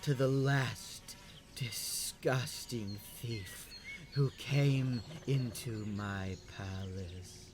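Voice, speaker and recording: A man voicing a menacing, bird-like female palace mistress who speaks slowly with icy politeness. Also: mid-range voice, noisy background. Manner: slow, drawn-out, icy politeness.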